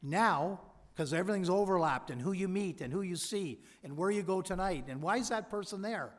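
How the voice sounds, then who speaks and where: A man's voice: high-pitched, brisk. A man gives a convocation speech, telling stories with energy and acting out what people said. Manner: energetic storyteller who acts out quoted dialogue. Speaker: honorary doctorate recipient giving a convocation address. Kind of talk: anecdotal motivational speech. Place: large convocation hall. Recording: long hall reverb from a PA.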